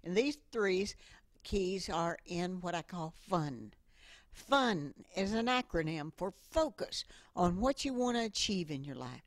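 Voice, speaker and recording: A middle-aged woman giving a motivational talk with stories, speaking slowly and deliberately. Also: fairly low pitch, expressive, no room sound. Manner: slow and deliberate, with acted quotes. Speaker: inspirational speaker.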